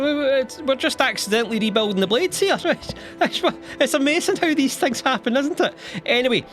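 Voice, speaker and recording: Sarcastic man narrating comedy. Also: high voice. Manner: sarcastic, animated, swears casually, laughs between lines. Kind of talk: comedic game summary narration.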